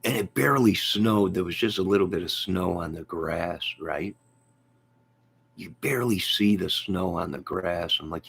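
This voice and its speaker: Gravelly deep-voiced man chatting casually. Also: normal speed, fairly bright tone. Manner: rambling, laughs often. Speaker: live stream host. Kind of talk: casual live chat reading viewer comments. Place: at home.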